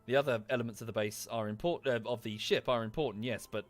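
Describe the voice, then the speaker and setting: A man's voice: mid-range voice, fast talker. Chatty Estuary English man streaming a game. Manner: chatty, thanks viewers by name, thinks aloud with restarts. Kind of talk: casual gameplay commentary.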